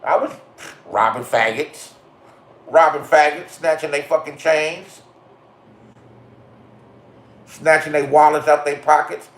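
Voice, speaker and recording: Middle-aged Californian man, profane ranting storyteller, slightly high voice, recorded in a roomy space. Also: steady tone, slow, long pauses, a bit bright. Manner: crude, swearing, confrontational storytelling. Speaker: vlogger. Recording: roomy echo.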